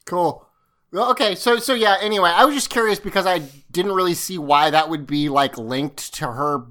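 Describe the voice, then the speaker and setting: A woman's voice: on the low side, moderate pace, a bit bright. Rambling woman podcast host. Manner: rambling, self-interrupting, swears casually. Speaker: podcast co-host recapping an episode. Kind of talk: casual chat.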